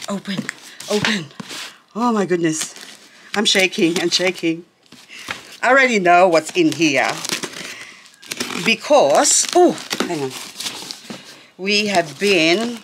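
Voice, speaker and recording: Gushing, excitable woman plant vlogger. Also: on the low side, background noise. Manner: excitable, gushing, frequent gasps and exclamations. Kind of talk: unboxing vlog. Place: outdoors in sunlight.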